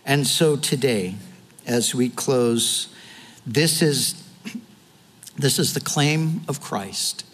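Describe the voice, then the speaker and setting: A man's voice: mid-range voice, extremely slow, pauses often, a bit bright, big-room sound. A man preaching a sermon, earnestly retelling scripture with quoted dialogue. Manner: closing in prayer. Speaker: pastor.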